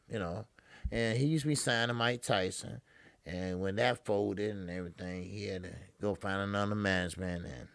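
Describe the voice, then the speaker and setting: Man, gravelly, dry close sound, casual fight commentary, profane street talk. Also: on the low side, normal speed, no room sound. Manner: profane, loose street-talk, laughs at himself; loud excited blow-by-blow when action starts. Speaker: boxing commentator.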